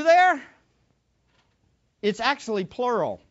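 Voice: mid-range voice, sing-song, normal speed, pauses often. Emphatic preacher with a muffled sound. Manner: emphatic, rhetorical questions, repeats phrases. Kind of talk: sermon.

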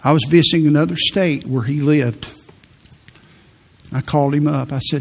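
A man's voice: a little high, moderate pace, vocal fry, pauses often. A man preaching a sermon, telling personal stories earnestly and reading scripture with growing fervor. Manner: earnest storytelling, rising to fervent scripture reading. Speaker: pastor.

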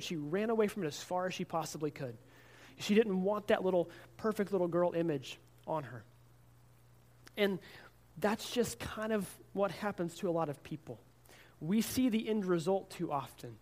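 Pastor, male, high voice, earnest sermon storyteller who stumbles and repeats words.

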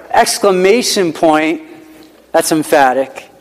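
A man's voice: on the high side, lively intonation, normal speed. A male pastor preaching a sermon in a conversational, emphatic way, repeating key lines and often saying "like". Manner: conversational, emphatic repetition, frequent "like" fillers. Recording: hall with long reverb.

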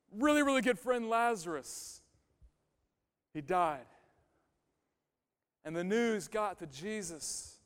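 A male pastor giving a conversational sermon, emphatic and repeating his key phrases. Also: sits high. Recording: long hall reverb.

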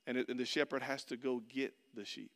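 A man's voice: medium pitch, fairly quick, gravelly. Preaching man in a reverberant hall. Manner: storytelling, swinging from loud excitement to hushed softness. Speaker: pastor. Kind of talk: sermon.

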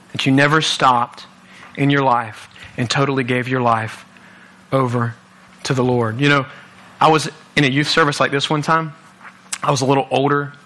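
A man's voice: medium pitch, a bit bright. A young man giving an earnest sermon at a church youth service, often repeating himself as he restarts. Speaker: guest youth speaker.

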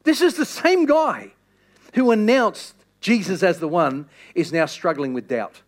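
High-voiced man preaching with passion. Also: expressive, unhurried. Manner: impassioned, repetitive appeals that swing between loud and hushed. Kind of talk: sermon.

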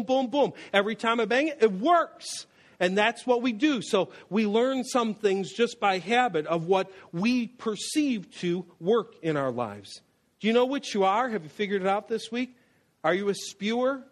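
A man preaching about anger in an animated, storytelling way, weaving in personal memories. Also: high-pitched. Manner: animated, storytelling, with acted quotes. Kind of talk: sermon on anger with personal stories.

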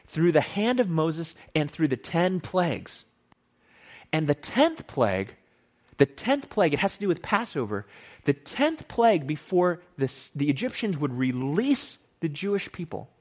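A man teaching from the Bible in a casual sermon style, animated and conversational, often repeating and correcting himself. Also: on the high side.

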